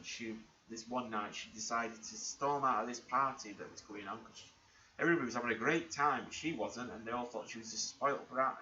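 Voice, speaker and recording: A man's voice: medium pitch, sharp tone. A man vlogging, telling an emotional personal story in an earnest, rambling way with many restarts. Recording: muffled lo-fi recording with faint background hiss.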